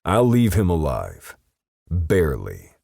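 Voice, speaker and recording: A man voicing a ruthless male assassin who snarls his threats flatly, in an audiobook. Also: low-pitched, slow pace, gravelly, no room sound, studio quality, pitched above the performer's own voice, heavily acted. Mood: menacing.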